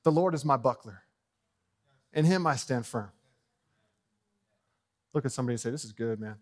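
A man preaching a sermon as pastor in a church, bold and fiery, swinging from loud proclamations to quiet asides and jokes with the congregation. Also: mid-range voice, expressive, normal speed. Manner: joking with the congregation. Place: church sanctuary.

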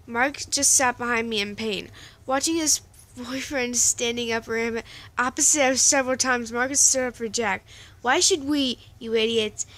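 A woman reads a story aloud in a casual, unpolished way. She often trips over words and corrects herself, and her voice sits fairly high. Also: fairly even intonation, normal speed, a bit bright. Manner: casual, stumbling, self-correcting. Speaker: story reader. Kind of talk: amateur story reading.

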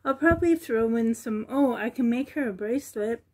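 A woman at home on the floor, showing a doll she is selling, talking softly with many ums and a little out of breath. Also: on the high side, brisk. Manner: soft, cooing over the doll, with many ums. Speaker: reborn doll seller. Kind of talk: casual show-and-tell vlog.

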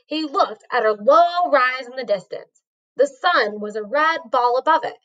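A woman's voice: high voice, expressive, measured pace, a bit bright, highs cut off. A woman reading a storybook aloud, carefully, with a few small slips. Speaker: reader.

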